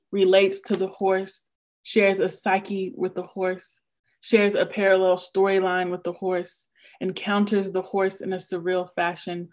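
Poet, woman, lower register; measured, rhythmic lecture reading, a touch nervous, video-call audio. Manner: measured, rhythmic delivery with list-like cadence. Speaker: poet giving a craft talk. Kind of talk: reading a prepared lecture on poetics.

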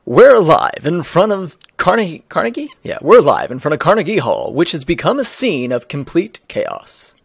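A man voicing a brash, excitable male TV news reporter in a loud broadcaster delivery while streaming a game. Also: fairly high pitch, normal speed, gravelly, hardly any pauses, slightly rough, dry recording, heavily acted. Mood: announcing.

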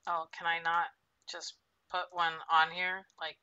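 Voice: mid-range voice, flat delivery, unhurried, pushed and bright, smooth, muffled recording. A streamer chatting casually on a live stream at home, muttering to themself while they cook.

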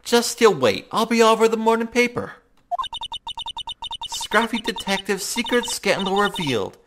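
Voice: medium pitch, sing-song, measured pace, voice pushed up. A let's-player voicing a brash, pushy woman journalist with a put-on twang, over game music. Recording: game music playing under the voice.

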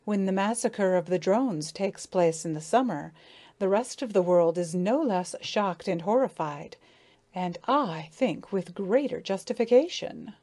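A woman voicing a huge, predatory dragonfly in a storybook reading, calm and condescending. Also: medium pitch, a little slow. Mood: dismissive.

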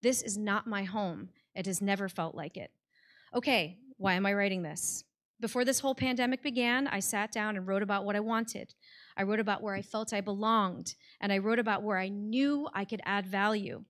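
A woman's voice: medium pitch, normal speed, a bit bright. An American woman telling a personal story on stage before a live audience, in a heartfelt conversational way with many "like" fillers.

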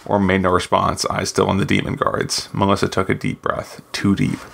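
A man narrating a fantasy story from his own book, in a steady, measured reading. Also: low voice, creaky. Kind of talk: scripted narration.

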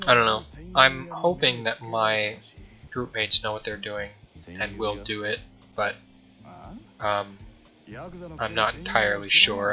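A man's voice: on the low side, bright, forceful tone, rough recording. A young man casually commenting while playing a game, rambling and joking, often mumbling and trailing off. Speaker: gameplay streamer.

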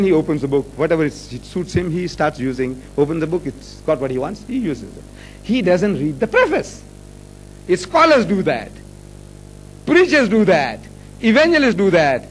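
An older man lectures a live audience, his slightly raised voice swinging up and down with lively emphasis. He talks in a rhetorical, mocking and boastful way. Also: high-pitched, moderate pace, slight background noise, poor audio. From South Africa. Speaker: public speaker on religion. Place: public meeting hall with an audience.

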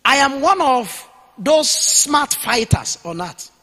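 A man preaching a sermon as pastor, emphatic and at times dictating his points slowly for notes. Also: very high voice, big pitch swings, pushed and bright, in a large hall. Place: church hall.

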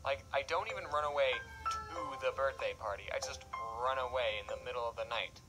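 A man's voice: mid-range voice, brisk, low-quality recording. A man reading aloud a story he wrote as a child and joking about it between lines, with a wry, mock-dramatic reading of the quotes. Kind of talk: comedic reading with commentary. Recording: loud background music. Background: loud music.

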